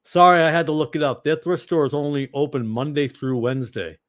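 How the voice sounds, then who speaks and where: A man's voice: a little high, a little fast, no room sound, studio quality. Rambling man with a Boston accent. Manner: rambling and digressive, with sudden loud outbursts. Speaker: ministry host. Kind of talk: casual livestream chat answering viewers.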